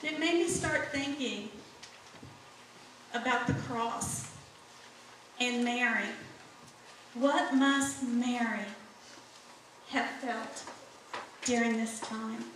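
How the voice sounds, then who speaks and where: A woman's voice: fairly high pitch, drawn-out words, long pauses, a bit bright, a little hiss or hum. A middle-aged woman giving an earnest church testimony, speaking straight to the congregation. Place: church sanctuary. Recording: echoey sanctuary from far off.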